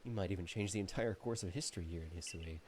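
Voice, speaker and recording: A man voicing a smooth, flattering young male game character, reading the game's dialogue aloud in a soft, low, drawn-out voice. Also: slight background noise, lightly acted. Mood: smooth, ingratiating.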